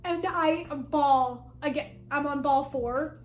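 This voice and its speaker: High-voiced young woman telling a story. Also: unhurried, hardly any pauses. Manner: animated retelling, acting out quotes, frequent "like". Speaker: vlogger. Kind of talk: casual storytime narration. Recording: roomy echo with faint music.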